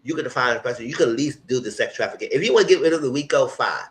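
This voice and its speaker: A man's voice: medium pitch, expressive, rapid-fire, rough recording. Guy going off on his live stream, heated, cussing, hammering every point. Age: adult, past graduate school. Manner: heated, emphatic, profane ranting. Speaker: vlog host.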